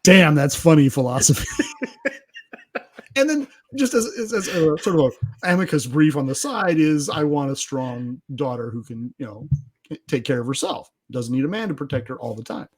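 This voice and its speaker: A man's voice: on the high side, lively intonation, fairly quick, a little mellow, breathy edge. A middle-aged man, a podcast guest, telling self-deprecating family stories in a casual interview, often laughing as he talks.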